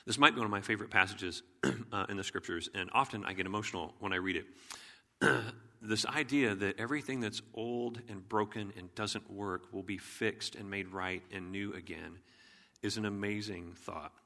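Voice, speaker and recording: A man preaching a sermon as pastor in an earnest, measured way, often clearing his throat. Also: on the low side, sharp tone. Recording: long hall reverb.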